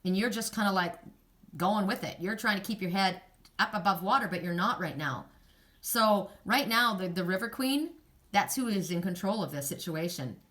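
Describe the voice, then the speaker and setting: A woman's voice: mid-range voice, animated, moderate pace, fairly bright tone. An older woman giving a casual, rambling oracle card reading, with frequent restarts and laughter.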